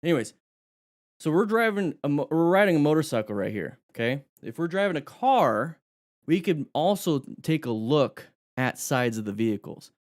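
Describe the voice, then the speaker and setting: Male riding instructor on a live stream, energetic, short of breath. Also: fairly high pitch, moderate pace. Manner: energetic, talks to viewers directly.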